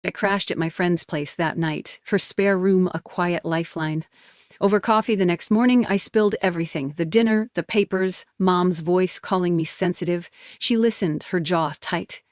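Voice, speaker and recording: A woman's voice: fairly low pitch, moderate pace, no room sound, clean studio sound. A woman narrating a dramatic first-person story with emotional intensity.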